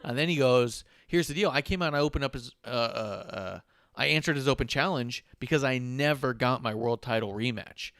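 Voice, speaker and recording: A man's voice: medium pitch, fairly quick, no room sound, studio quality. A man co-hosting a casual wrestling podcast, acting out wrestlers' lines in exaggerated voices. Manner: animated, acts out quotes in exaggerated voices. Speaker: podcast co-host. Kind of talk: casual chat recapping wrestling.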